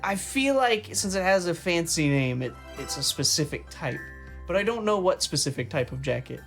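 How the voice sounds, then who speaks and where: Brief: laid-back, teasing female co-host, lowish voice with animated pitch. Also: normal speed, soft background music. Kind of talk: casual gameplay chat.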